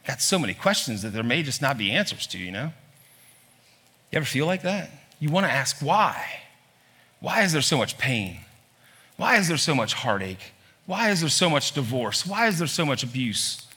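A male pastor preaching a sermon, firing off rhetorical questions in a lively way and pushing his voice up high on emphatic lines. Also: moderate pace, breathy edge. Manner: asks many rhetorical questions. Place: church hall.

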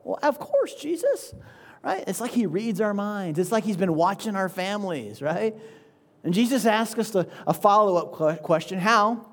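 A man with a notably high voice preaches a sermon in an easygoing, conversational way. He keeps checking in with his listeners with a quick "right?" and lets small chuckles slip between his points. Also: animated. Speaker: pastor.

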